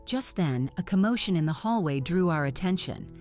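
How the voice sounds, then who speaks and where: A woman narrating a first-person drama in an even, measured storytelling voice. Her voice sits on the low side, and faint music plays underneath.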